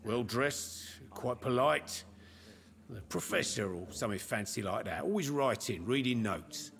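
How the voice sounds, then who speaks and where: Game role: gravelly, blunt barkeeper, talky and gruff. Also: male voice, mid-range voice, lively intonation, a little slow, fairly bright tone. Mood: gruff, chatty. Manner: blunt, folksy talk. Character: male barkeeper, chatty and gruff.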